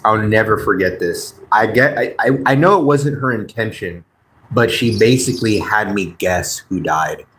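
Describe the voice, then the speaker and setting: A man's voice: lowish voice, moderate pace, fairly bright tone. Laid-back, blunt male livestream host. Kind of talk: casual livestream chat answering viewers. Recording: roomy echo.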